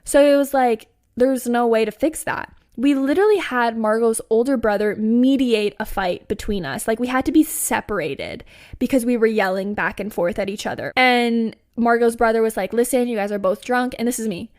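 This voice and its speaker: A young woman in her twenties tells a story from her own life in a loose, casual storytime way. Her voice sits a little high, and she talks in a chatty, animated way, leaning on "like" and "you know" as she goes. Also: moderate pace. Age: 20s. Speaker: podcast host.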